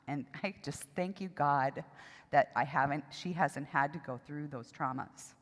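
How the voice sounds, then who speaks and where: A middle-aged woman giving a personal testimony at a seminar, speaking in an emotional, halting way with pauses and restarts. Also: low-pitched. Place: church hall. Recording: long hall reverb.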